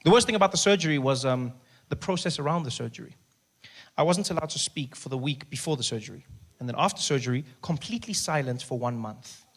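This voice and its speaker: Animated stand-up comedian, man. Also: medium pitch, fast. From South Africa. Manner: animated, shifting between a hushed soft voice and loud bursts. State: recovering from voice loss.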